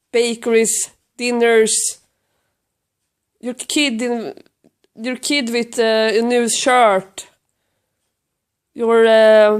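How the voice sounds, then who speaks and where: A hoarse woman with a Swedish accent, lying on her couch at home with a cold, chatting casually to the camera and baby-talking to her cat in a rambling, self-mocking way. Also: a little high. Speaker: vlogger filming her cat.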